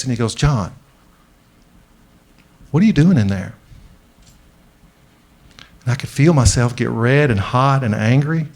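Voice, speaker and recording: A middle-aged man giving a conference keynote speech. He tells a personal story and often slows down and drops his voice for the emotional moments. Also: medium pitch. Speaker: keynote speaker. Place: large conference venue.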